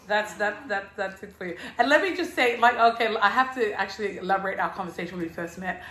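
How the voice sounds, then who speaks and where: A woman's voice: medium pitch, fast talker, fairly bright tone. A woman hosting a casual chat at home, telling stories in a bubbly way and acting out what people said with laughter. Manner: bubbly storyteller, acts out quotes with laughter. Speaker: host. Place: house, indoors. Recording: echoey room.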